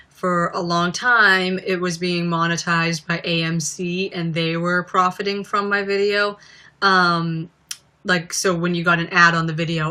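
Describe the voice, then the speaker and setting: A woman's voice: on the low side, pushed and bright, clear, resonant tone. A young woman chatting casually on a live stream, a little stuffy from a cold, often giggling and acting out bits in silly voices. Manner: giggly, acts out comedy sketches in silly voices.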